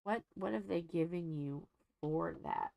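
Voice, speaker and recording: A woman's voice: on the low side, measured pace, gravelly, mellow, dry recording. A woman hosting a diamond painting channel, chatting casually while she crafts and telling a rambling, folksy story from home.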